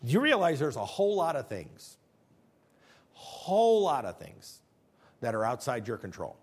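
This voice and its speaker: A man's voice: medium pitch, wildly swooping pitch, moderate pace, slightly rough. A man in his fifties, a pastor giving a conversational sermon full of jokes and rhetorical questions.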